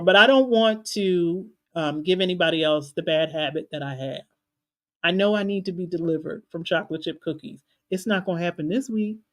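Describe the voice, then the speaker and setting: A woman's voice: lowish voice, fairly bright tone. A woman life coach hosting a motivational live stream, talking candidly and casually to her viewers and laughing at herself now and then. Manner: casual, colloquial talk to viewers.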